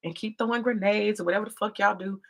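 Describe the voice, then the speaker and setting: A woman's voice: mid-range voice, fairly even intonation, quick pace. A woman from the United States giving profane, confrontational vlog commentary in a preachy manner.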